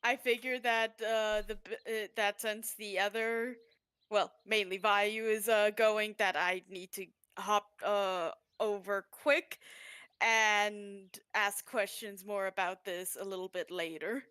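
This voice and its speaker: A woman playing a tabletop game, chatty and excitable. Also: medium pitch, slow, clean tone. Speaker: player.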